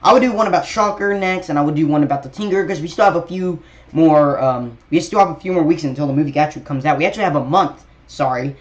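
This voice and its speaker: A young man chats his way through a trailer breakdown for his channel, stumbling and restarting as he goes. His voice sits a little high. The recording is muffled and lo-fi. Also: fast talker. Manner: rambling, many fillers and restarts. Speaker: YouTube trailer reviewer.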